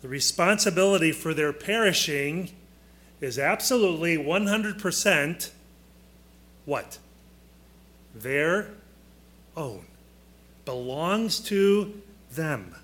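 Man, fairly high voice, leading a Bible class; slow, emphatic, quizzes the room. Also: animated, fairly bright tone. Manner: deliberate, emphatic, quizzes listeners. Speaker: Bible teacher.

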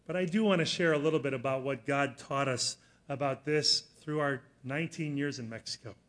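A middle-aged man preaching a sermon, telling a personal story in an earnest way that rises to loud emphasis. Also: mid-range voice, fairly quick.

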